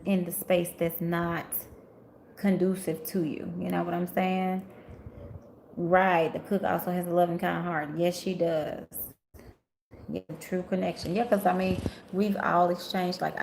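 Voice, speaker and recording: A woman from Memphis reads tarot cards on a live stream, chatting easily with her viewers and calling them honey. Her voice sits a little low and carries a gravelly edge. The sound has a roomy echo and a faint hum of ambient noise behind it. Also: darkish tone. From Memphis, Tennessee. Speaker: tarot reader on livestream. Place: rental house, indoors.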